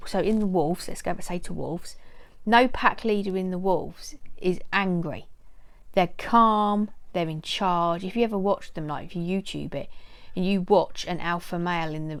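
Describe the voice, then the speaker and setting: A middle-aged woman giving casual advice to camera, earnest and repeating her key points. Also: medium pitch. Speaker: dog owner giving training advice.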